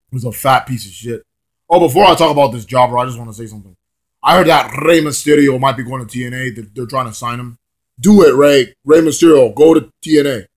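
A young man ranting casually to camera about wrestling, profane and rambling, swinging between loud outbursts and mumbling. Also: mid-range voice. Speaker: wrestling vlogger.

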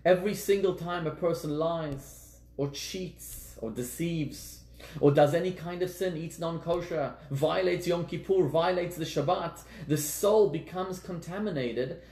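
Earnest rabbi with a raised voice. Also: male voice, high-pitched, darkish tone. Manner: earnest, repeats words for emphasis. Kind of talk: lecture on Jewish teachings. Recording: echoey room.

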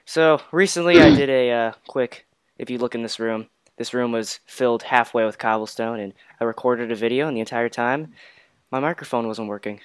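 A man's voice: medium pitch, normal speed, clean tone, no room sound, studio quality. A teenage boy hosting a casual let's-play, chatty and jokey, trailing off with fillers and restarts. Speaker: gaming channel host.

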